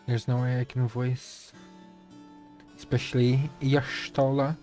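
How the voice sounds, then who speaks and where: A man's voice: mid-range voice, little pitch movement, takes it slowly, warm tone, faint music behind. A man who is feeling unwell, streaming a game and chatting casually in a self-deprecating way.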